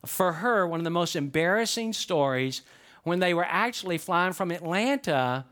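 Male pastor, middle-aged, fairly high voice, folksy sermon, quizzes the congregation. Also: animated, normal speed, a bit bright. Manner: folksy, asks the congregation questions.

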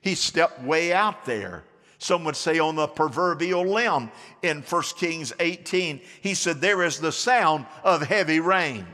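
A man's voice: a little high, expressive, unhurried, sharp tone, long reverb tail. A male pastor preaching a sermon, drawing the congregation into call-and-response with sweeping swings of voice. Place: church sanctuary.

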